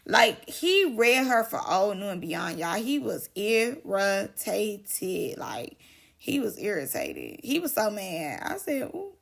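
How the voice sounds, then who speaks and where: A woman's voice: mid-range voice, huge pitch swings, measured pace, vocal fry, a bit bright. A woman hosting casual gossip commentary, chatty and emphatic, drawing out her exclamations. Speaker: drama commentary host.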